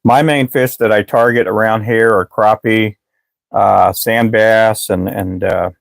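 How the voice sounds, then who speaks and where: A man's voice: lowish voice, fairly even intonation, a little slow, creaky, no echo. A man hosting a casual live stream, chatting with viewers in a rambling way and often restarting his sentences, and he says he is losing his voice. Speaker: live stream host selling fishing lures.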